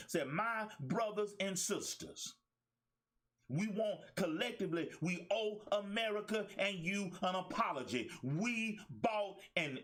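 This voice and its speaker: On his talk show, a middle-aged life coach speaks in a somewhat bright voice on the high side. The monologue is preachy and fired-up, with colloquial language and emphatic repetition of phrases.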